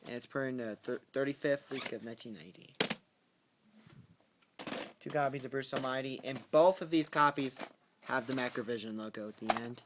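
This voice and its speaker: A man speaks casually at home, stopping and restarting his sentences with plenty of ums. His pitch sits in an ordinary middle range. The recording carries a clear hiss with scattered clicks. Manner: halting, self-correcting, with ums and restarts. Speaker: VHS tape collector vlogger. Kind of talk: casual spoken video commentary. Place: at home with a pet in the room.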